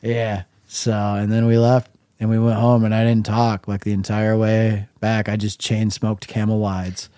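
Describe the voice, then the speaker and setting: A middle-aged man casually telling a long story on his own podcast, wry and laid-back, dropping to a low mumble when he quotes himself. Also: completely flat delivery, unhurried, dark tone, clear, resonant tone, no echo, clean studio sound. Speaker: podcast host.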